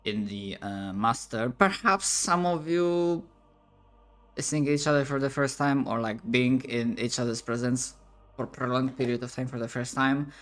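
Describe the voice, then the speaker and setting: A man narrating a tabletop role-playing scene as game master, halting and full of fillers. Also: medium pitch, a bit bright. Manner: slow, halting, with many fillers.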